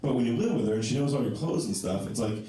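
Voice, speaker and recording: A man doing a stand-up comedy set on a club stage, self-mocking and animated, acting out the people he quotes. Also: mid-range voice, fast talker. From Ohio. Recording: echoey club, distant mic, crowd noise.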